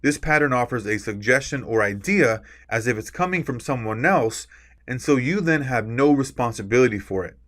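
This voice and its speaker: A man's voice: mid-range voice, animated, normal speed, fairly bright tone. A man teaching a recorded course lecture. He explains with examples, stresses key words on purpose and often adds a tag "right?". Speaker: course instructor.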